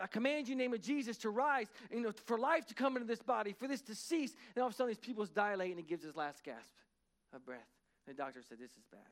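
High-voiced man preaching a story. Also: smooth. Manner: dramatic retelling, swings from hushed to loud. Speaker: pastor. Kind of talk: sermon storytelling.

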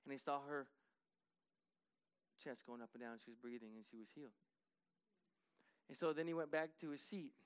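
A man telling a story in a conversational way, lively and full of restarts and repetitions, often dropping his voice to act out what people said. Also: mid-range voice, moderate pace, pauses often, smooth, no room sound. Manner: lively, acts out dialogue, drops to a hushed voice for quotes.

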